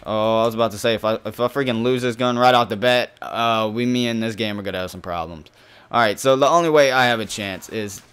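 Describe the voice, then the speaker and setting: A young man hosting a gaming channel, giving live commentary over his own match, shifting between calm explanation and sudden cursing outbursts. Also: mid-range voice, smooth. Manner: frustrated, swearing, swinging between calm and outbursts.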